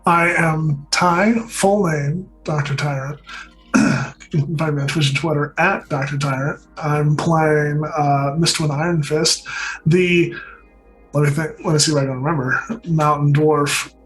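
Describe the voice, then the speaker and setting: A man's voice: on the high side, low-quality recording. A man introducing himself as a player, easygoing and a bit hesitant. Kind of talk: casual self-introduction.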